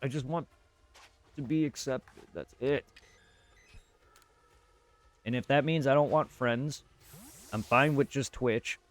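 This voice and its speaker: A man's voice: medium pitch, takes it slowly, pauses often. A male streamer talking to his live chat, frustrated and venting.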